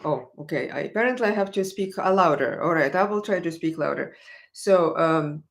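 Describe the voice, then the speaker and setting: Chatty violin teacher. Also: female voice, low-pitched, lively intonation, normal speed, faint music behind. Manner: chatty, encouraging, with frequent fillers and restarts. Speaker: violin professor. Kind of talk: live-streamed Q&A lesson.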